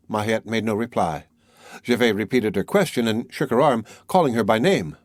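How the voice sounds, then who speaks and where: A man narrating a classic novel as an audiobook, with a steady, measured reading. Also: medium pitch, dry recording, clean studio sound. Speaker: audiobook reader. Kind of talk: scripted narration.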